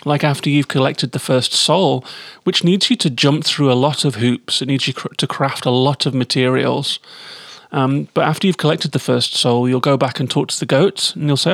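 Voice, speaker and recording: A man's voice: medium pitch, steady tone, normal speed, gravelly, a bit bright, no echo, studio quality. A man giving a chatty, enthusiastic spoken game review.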